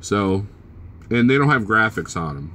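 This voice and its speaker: A man's voice: lowish voice, lively intonation, unhurried, sharp tone, slight background noise. A man vlogging as a truck driver, casually chatting and joking with his live-stream viewers and teasing them by name.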